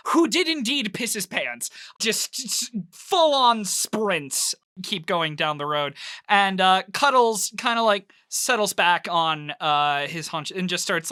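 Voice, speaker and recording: A man narrating as game master in a tabletop game, relaxed, with frequent fillers. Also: high-pitched, measured pace, smooth, dry recording, clean studio sound.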